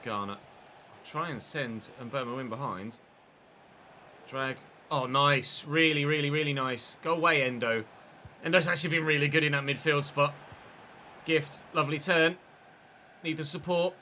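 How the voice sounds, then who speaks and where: Bright-voiced man commentating a football game. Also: fairly high pitch, normal speed, pauses often, slight background noise. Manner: football-style play-by-play with chatty asides to viewers. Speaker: gaming streamer.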